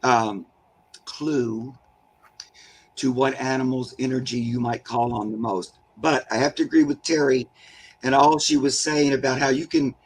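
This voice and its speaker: A man working as a spirit medium, chatting casually and telling animated stories. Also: medium pitch, measured pace, breathy edge, poor audio. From Southern California. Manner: chatty storyteller, warm and animated about animals. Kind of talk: casual chat.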